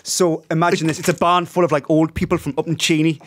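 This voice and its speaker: A man's voice: a little high, flat delivery, quick pace, a little hiss or hum. A young man, making jokey, dry quips in casual banter over gameplay on a headset mic. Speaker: co-host.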